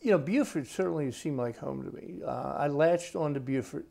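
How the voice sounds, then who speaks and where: Gravelly-voiced man telling stories. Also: a little high, warm tone. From United States. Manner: folksy, unhurried storyteller. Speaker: author being interviewed. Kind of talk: relaxed storytelling interview. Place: his home.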